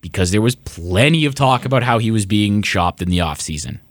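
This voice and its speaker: This sports podcast co-host, a young man, talks fairly quickly in a lowish, animated voice. He's ranting with sarcasm and swearing, building up steam, and the audio has no room sound.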